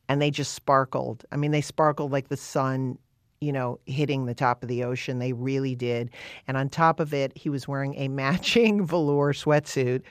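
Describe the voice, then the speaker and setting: A woman's voice: extremely low pitch, dry recording, studio quality. Chatty woman telling a story. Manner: animated and chatty, with many fillers. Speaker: guest. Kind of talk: casual storytelling.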